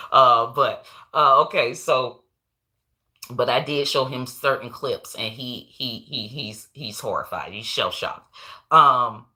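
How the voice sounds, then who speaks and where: Comic host, woman, low but bright voice, animated and profane storytelling. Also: takes it slowly. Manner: animated, profane, laughing often. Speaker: comedy show host. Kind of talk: casual storytelling rant.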